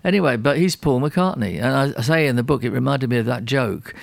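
Gravelly man telling a story. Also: medium pitch, fast talker, no echo. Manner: animated, self-deprecating, with many restarts and repeated words. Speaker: record producer, guest. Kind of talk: anecdotal storytelling in a radio interview.

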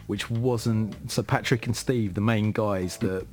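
A man's voice: lowish voice, steady tone, takes it slowly, darkish tone. A man from London hosting a casual music chat, talking hesitantly with lots of fillers. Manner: hesitant, filler-heavy talker. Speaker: host.

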